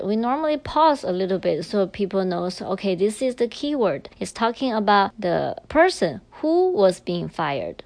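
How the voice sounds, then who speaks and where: Lively patient woman teaching grammar. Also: mid-range voice, normal speed, few pauses, dry recording. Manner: patient, switches between English and Chinese. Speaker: language teacher. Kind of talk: explaining grammar in a recorded lesson.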